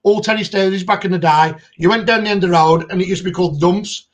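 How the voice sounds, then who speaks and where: A man's voice: high voice, steady tone, fast talker. A man with a Black Country accent, from Birmingham, co-hosting a casual live stream and chatting through anecdotes. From Birmingham, England. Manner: chatty, tells anecdotes with quoted voices. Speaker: co-host of a history live stream.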